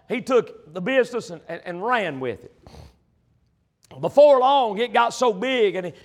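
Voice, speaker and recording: A male preacher delivering a sermon, emphatic and swinging between loud passages and hushed ones. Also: extremely high pitch.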